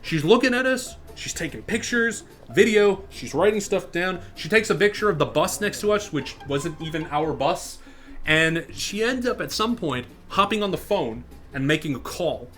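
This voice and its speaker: Faint background music plays as a young man, a channel host, relates a funny story from his own life in an online virtual social space. Speaking at a moderate pace in a high voice, he's animated and performs each quoted person more loudly.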